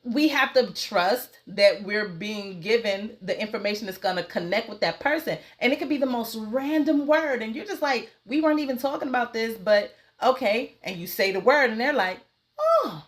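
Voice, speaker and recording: A woman hosting a podcast in casual conversation, relaxed, laughing easily and quoting her own thoughts. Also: mid-range voice, moderate pace, hardly any pauses. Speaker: podcast host.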